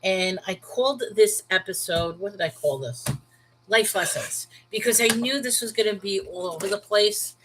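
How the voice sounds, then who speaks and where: A woman's voice: medium pitch, moderate pace, background noise. A woman in her thirties from New York with a Brooklyn accent, hosting a casual Bible livestream and chatting candidly with viewers by name. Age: 30s. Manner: candid and emphatic. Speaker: livestream host.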